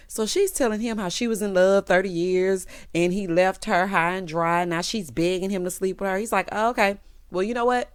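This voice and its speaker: A woman's voice: medium pitch, no echo, studio quality. A woman reviewing a TV episode in a casual vlog, sassy and playful, laughing often and acting out the characters' lines. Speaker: TV recap reviewer.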